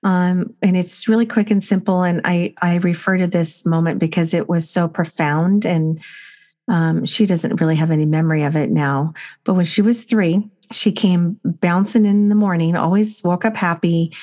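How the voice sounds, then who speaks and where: Lower-voiced woman telling a story. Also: steady tone, moderate pace, warm tone. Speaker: podcast host. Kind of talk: casual spiritual chat.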